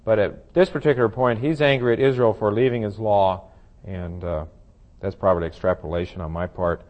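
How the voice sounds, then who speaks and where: A man's voice: lowish voice, fairly even intonation, fairly quick, dull audio. A man leading a Bible study, explaining scripture in a conversational way, thinking aloud with fillers and restarts. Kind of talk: verse-by-verse Bible study teaching.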